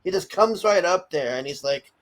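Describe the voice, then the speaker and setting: A man's voice: high-pitched, normal speed, rough recording. Heated, foul-mouthed man telling a story. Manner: heated, profane, blunt; animated storyteller, often stammers. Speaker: commentary streamer. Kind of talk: casual ranting story.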